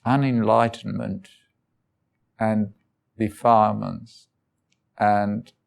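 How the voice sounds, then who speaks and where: A man's voice: fairly low pitch, level tone, extremely slow, vocal fry. A man giving an informal talk, telling personal stories in loose, conversational phrasing and chuckling often. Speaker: guest speaker.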